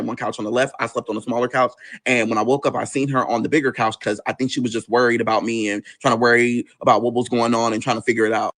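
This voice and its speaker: A man's voice: medium pitch, fairly bright tone. A man candidly recounting a painful personal story, swearing freely and raising his voice to quote others. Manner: candid, profane, quoting others in raised voices. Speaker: guest telling his life story.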